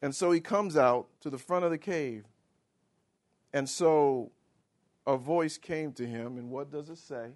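A man preaching a sermon, swinging from loud proclamations to hushed quick asides, asking the congregation questions and acting out inner voices. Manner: swings from booming declarations to hushed, fast asides.

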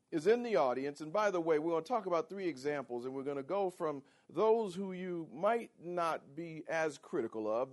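A man preaching a sermon as pastor, animated and calling on the congregation for responses. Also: fairly high pitch. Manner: animated, calls for audience responses.

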